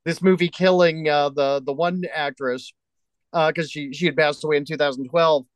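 Man, podcast co-host, easygoing movie chat, slightly high voice, dry sound. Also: steady tone, normal speed, dry recording, rough recording. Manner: easygoing, reads facts aloud from online. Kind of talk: casual movie-review chat.

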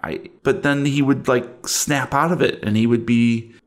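A man voicing a tipsy, sad young woman who confides in halting, hesitant speech. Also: mid-range voice, fairly even intonation, lightly acted. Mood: confiding, sad. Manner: halting, hesitant, drunk-sounding.

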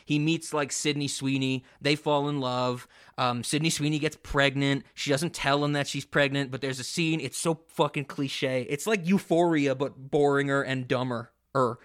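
A man co-hosting a casual podcast who retells a story in a rambling, animated way, with frequent cursing and many restarts. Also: mid-range voice, moderate pace, hardly any pauses. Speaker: podcast co-host.

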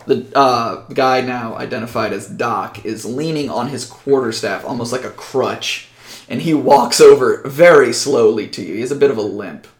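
A man's voice: medium pitch, moderate pace, roomy sound. A man narrating as game master in a tabletop game, casual and self-correcting.

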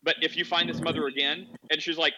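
A man's voice: on the high side, little pitch movement, fast, pushed and bright, low-quality recording. A man hosting a casual Christian discussion podcast, talking earnestly and acting out the voices of people in his examples. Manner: earnest, acts out quoted voices. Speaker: podcast host.

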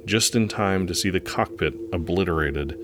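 A man reading a story aloud in an earnest, steady narrating manner. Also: deep voice, normal speed, noisy background.

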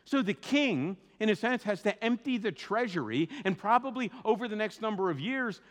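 Guy preaching in a church, really animated, kinda high voice, echoey hall. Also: normal speed. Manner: animated, conversational preaching with asides and restarts. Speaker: pastor. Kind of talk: sermon. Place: church sanctuary.

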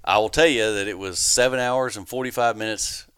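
A man's voice: fairly low pitch, fairly quick. A man telling a long story on a casual podcast, acting out the people he quotes. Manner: animated, laughing storyteller who acts out quotes. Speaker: podcast guest.

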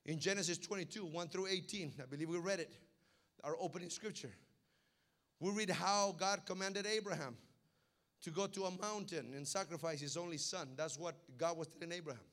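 Man, pastor, high-pitched, preaching in a lively storytelling way. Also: normal speed. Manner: storytelling, building to loud emphatic preaching. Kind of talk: sermon.

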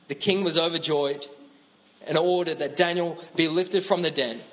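A man's voice: a little high, fairly even intonation, normal speed, fairly bright tone, poor audio. A man with an Australian accent giving a casual, chatty sermon, with frequent restarts. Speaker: pastor.

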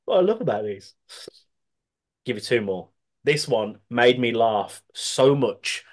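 A podcast co-host from Birmingham, England, with a Brummie accent reads out listener submissions, laughing often and swearing casually. His mid-range voice is sing-song, and he keeps a measured pace.

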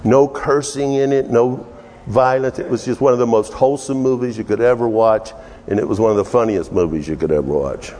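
A man's voice: medium pitch, brisk, a little hiss or hum. Middle-aged preacher guy, chuckles through his stories, big echoey church. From Texas. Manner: animated storyteller, chuckling, acting out voices. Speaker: pastor. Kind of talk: storytelling sermon. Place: church sanctuary. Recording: reverberant church hall.

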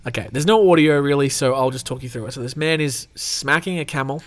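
A man with a mid-range voice talks fast while hosting his own show. He reads out animal news stories, throwing in casual, irreverent jokes and laughing often.

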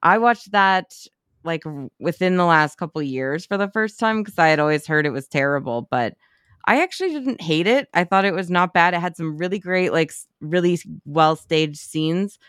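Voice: mid-range voice, animated, normal speed, fairly bright tone, clean tone, no room sound, clean studio sound. A podcast co-host in casual movie chat, talking in a chatty way, swearing often and using lots of "like" fillers.

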